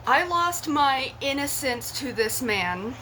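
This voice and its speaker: A woman's voice: sits high, animated, slow pace, sharp tone, a little hiss or hum, low-quality recording. A young woman vlogger telling a personal story to her viewers in a chatty, giggly way, full of slang and swearing. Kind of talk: casual storytelling to camera.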